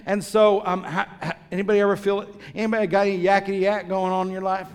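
A man's voice: high voice, little pitch movement, fast, clear, resonant tone. A man preaching a sermon, emphatic, repeating phrases and asking the congregation questions. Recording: long reverb of a large church hall.

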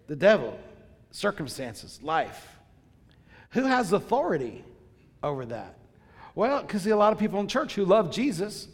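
A man preaching a sermon, emphatic, repeating phrases and asking the congregation questions. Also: high voice. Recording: long reverb of a large church hall.

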